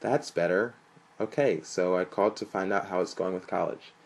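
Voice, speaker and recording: Chatty, melodic middle-aged mother, played by a man who raises his gravelly, low voice into a sing-song tone. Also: moderate pace. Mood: cheerful.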